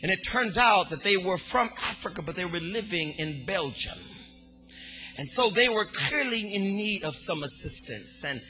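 A man delivering a sermon in a very high, piercingly bright voice. He preaches in a rolling, sing-song cadence, dropping to hushed tones and then building to fervent shouts, with a gravelly fry at the edges. Faint music plays underneath. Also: lively intonation, normal speed.

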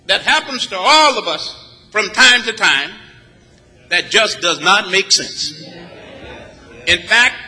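A preacher from Texas builds his sermon with rhythmic, emphatic repetition. His voice is high and very bright, and the long reverb of a large church follows his words. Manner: rhythmic, emphatic, with repeated phrases. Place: church sanctuary. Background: congregation answering back.

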